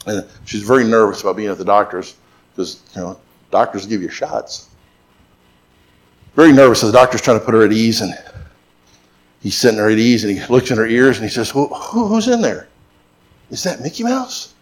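A man's voice: on the low side, a little fast, long pauses. A middle-aged man preaching a sermon as pastor, mixing emphatic repetition with joking stories.

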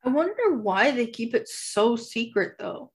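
A woman's voice: on the high side, sing-song, unhurried. A woman co-hosting a casual book podcast, rambling through a plot recap full of "like" fillers. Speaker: podcast co-host.

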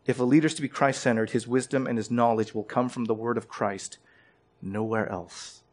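A man's voice: mid-range voice, steady tone, normal speed, darkish tone. A man preaching a sermon as pastor. He presses his points with direct questions and rising emphasis, and often repeats words as he starts a phrase.

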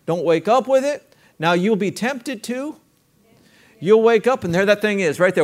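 A man's voice: high voice, animated, normal speed. A man preaching a sermon as pastor, talking conversationally with rhetorical questions and leading the congregation in call-and-response.

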